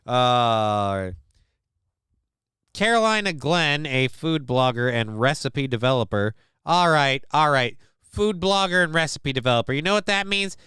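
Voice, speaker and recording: Sarcastic, profane streamer with a smooth voice. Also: male voice, mid-range voice, expressive, a little slow, pushed and bright, dry recording, studio quality. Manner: sarcastic, profane, joking asides. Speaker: livestream host. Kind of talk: casual commentary reading news to chat.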